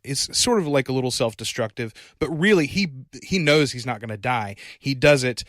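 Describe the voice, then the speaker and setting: Man, podcast co-host, casual film chat, rambling with fillers and restarts, middle pitch, dry sound. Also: expressive, fairly quick, fairly bright tone, no room sound. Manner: rambling, lots of fillers and self-corrections.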